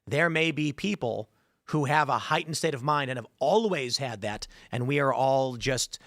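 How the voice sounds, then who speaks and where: A man's voice: mid-range voice, lively intonation, moderate pace, a bit bright, dry recording, studio quality. A man hosting a podcast, arguing his point in a casual, combative back-and-forth and often cutting in. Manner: argumentative, interrupts. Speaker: show host.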